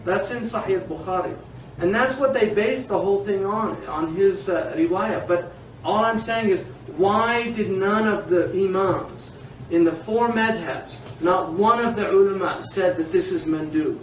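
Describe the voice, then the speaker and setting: A man teaching Islamic law in an informal classroom lecture, animated and digressive, often laughing. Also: high voice, a little slow. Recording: echoey room, distant mic, faint hiss.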